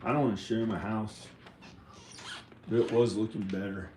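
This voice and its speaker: A man talks to the camera in a meandering monologue, sliding between half-finished thoughts. His voice sits on the low side. The room echoes noticeably, with a faint hiss underneath. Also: fairly even intonation, moderate pace, a little mellow. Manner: meandering, trailing off and restarting thoughts. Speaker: vlogger. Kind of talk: rambling casual monologue. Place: inside his house. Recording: roomy echo in a house.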